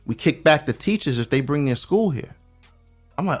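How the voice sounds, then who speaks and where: A man's voice: fairly high pitch, animated, moderate pace, soft background music. A middle-aged man from Brooklyn, telling stories as a guest on a casual podcast. He talks in street slang and restarts his sentences a lot. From Brooklyn, New York. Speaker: guest checking in from abroad.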